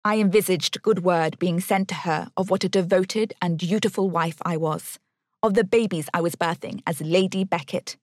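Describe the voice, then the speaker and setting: A woman's voice: on the low side, moderate pace, dry recording, clean studio sound. A woman narrating a first-person novel in a wry, bitter tone.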